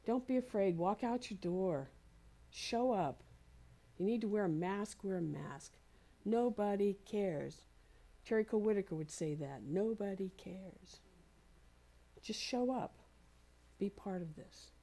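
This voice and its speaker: A woman minister giving a sermon, gentle and encouraging, slowly repeating phrases for emphasis. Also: medium pitch, lively intonation. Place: spiritual community center.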